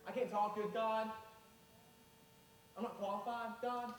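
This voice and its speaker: A man's voice: fairly even intonation, measured pace. A man playing a reluctant, stammering Moses who insists he is not qualified. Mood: pleading. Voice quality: stammering, hesitant. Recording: echoey hall, far from mic, faint rumble.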